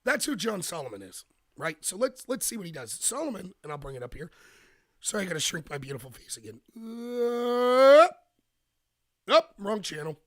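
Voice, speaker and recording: A man hosting a live-streamed political commentary show, talking emphatically with bursts of rapid speech and a slightly rough voice. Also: fairly high pitch, very animated, bright, forceful tone, no echo, clean studio sound.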